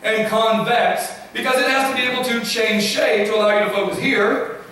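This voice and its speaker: A middle-aged man, a guest speaker, gives a lively science talk to a congregation and keeps quizzing them with "okay?" and "right?". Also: high-pitched, moderate pace. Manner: questions the audience often, with frequent "okay?" and "right?". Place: church hall. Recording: very echoey hall, from far off.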